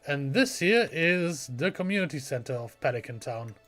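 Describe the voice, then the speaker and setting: A chatty man narrating a cozy farming game as a let's play host, casual and self-deprecating. His voice sits a bit high for a man, with faint game music underneath. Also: lively intonation, moderate pace, fairly bright tone. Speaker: gaming channel host.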